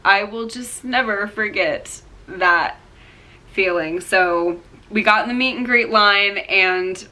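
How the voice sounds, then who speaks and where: Bright-voiced young woman telling a story. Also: medium pitch, slow. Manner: rambling, full of "like" and "um", acts out quoted voices. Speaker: vlogger. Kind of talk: emotional storytelling to camera.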